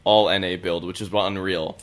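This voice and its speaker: A man who makes car videos, chatting casually in a relaxed, wry way. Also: sits low, moderate pace. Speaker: visiting car video maker. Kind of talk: casual chat.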